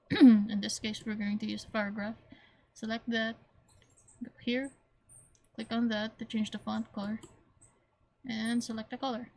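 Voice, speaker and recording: A woman talks through a software lesson in an even, level voice that barely rises or falls. She explains each step plainly and circles back to repeat points, pausing now and then to clear her throat. A faint hum and soft mouse clicks sit under her voice. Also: fairly high pitch. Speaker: teacher. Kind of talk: screen-recorded software tutorial.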